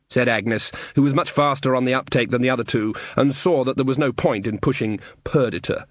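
A man reading a story aloud as an audiobook narrator, in a measured, wry storytelling manner. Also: mid-range voice, no echo. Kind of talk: scripted narration.

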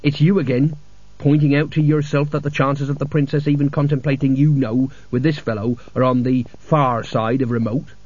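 A man's voice: medium pitch, flat delivery, normal speed, darkish tone, husky, dry recording, close to an everyday voice. A man reading an audiobook, voicing the smug, teasing inner voice of a young man with a wry tone, on a dull lo-fi recording.

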